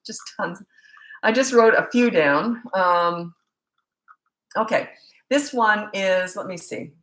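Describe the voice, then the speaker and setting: A woman's voice: mid-range voice, takes it slowly, a bit bright. Chatty middle-aged woman, roomy echo. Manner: chatty, laughs often, self-mocking. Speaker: parenting coach. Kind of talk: casual Q&A monologue.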